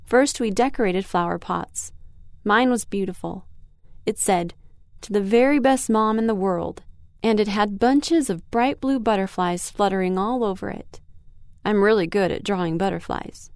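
A woman's voice: mid-range voice, darkish tone, no echo, studio quality. A woman reading a children's story aloud expressively in the first person, as a young girl. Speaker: narrator.

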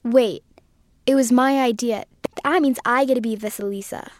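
High-voiced little girl, eager, kinda bossy, dry close mic woman doing it. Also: normal speed, no room sound, natural voice. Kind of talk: audio storybook acting.

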